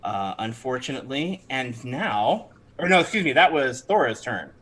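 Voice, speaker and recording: A man running a tabletop game as game master, narrating lively and laughing, stopping to correct himself. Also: medium pitch, normal speed.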